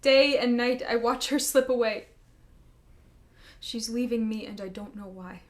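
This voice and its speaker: Actress as a worried nurse, fairly high voice, pleading. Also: female voice, measured pace, natural voice. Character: devoted, anxious nurse to the queen. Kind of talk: stage drama acting.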